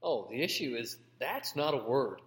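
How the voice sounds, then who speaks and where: A man who trades jokes with a dry, deadpan delivery, teasing his partner without cracking. His voice is mid-pitched and lands with a long hall reverb trailing behind it. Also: moderate pace. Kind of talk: comedic banter.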